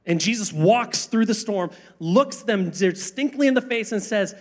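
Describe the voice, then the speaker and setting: A man preaching a sermon, earnest, asking rhetorical questions and slowing down for emphasis. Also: high-pitched, animated. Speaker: pastor.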